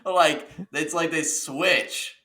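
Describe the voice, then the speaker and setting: A man's voice: fairly high pitch, fairly even intonation, extremely slow, bright, forceful tone. A man co-hosting a podcast, telling rambling funny stories in casual chat. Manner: joking, rambling storyteller. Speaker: podcast co-host.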